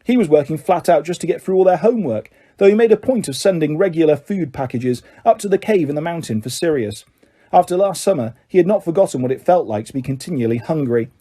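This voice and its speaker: A man reading a novel aloud as an audiobook narrator, in steady, measured storytelling. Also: a little high, husky. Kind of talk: scripted narration.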